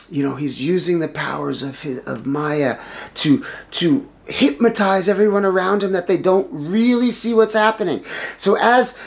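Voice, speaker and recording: A male storyteller retelling an epic tale in an animated, improvised way, with restarts and sudden shouts. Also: high-pitched, vocal fry.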